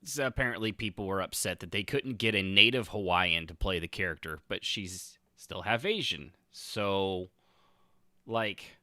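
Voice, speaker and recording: A man's voice: deep voice, unhurried, pushed and bright, no echo, clean studio sound. A man in his thirties hosting a podcast, rambling sarcastically through casual commentary with lots of fillers and restarts. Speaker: podcast host.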